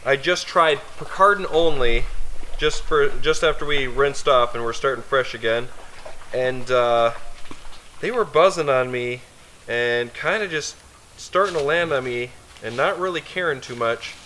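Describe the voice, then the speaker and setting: This camping vlog features a young man by the water in the woods, talking loosely and urging his dogs to keep up. He speaks at a measured pace in a mid-range voice that sounds pushed and bright, and the rough recording carries slight background noise.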